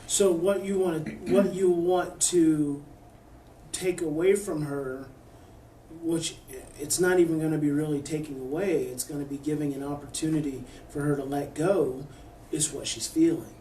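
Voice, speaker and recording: A man giving calm parenting advice to a mother, often dropping his voice to a hush as he models what to say to a child. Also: fairly high pitch, normal speed, slight background noise. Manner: calm coaching, drops to a soft hush when modeling words to a child. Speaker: parenting expert answering a parent. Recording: echoey room, distant mic.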